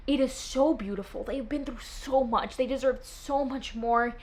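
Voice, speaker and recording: Gushing young woman, bright voice. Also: on the high side, normal speed. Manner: gushing, dramatic, swoony. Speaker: book vlogger. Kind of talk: casual chat to camera.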